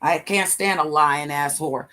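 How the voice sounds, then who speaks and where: A woman's voice: deep voice, a little slow, sharp tone. A woman hosting a livestream, venting angrily about an ex in heated, profane casual chat. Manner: angry, profane venting rant. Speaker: livestream host.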